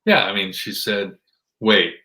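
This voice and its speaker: A man with a Midwestern American accent talks as an interview guest, cracking dry jokes. His voice sits low but comes across bright and forward. The room around him has a noticeable echo. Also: normal speed. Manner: dry joking, wry. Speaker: ministry representative guest. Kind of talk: casual interview chat.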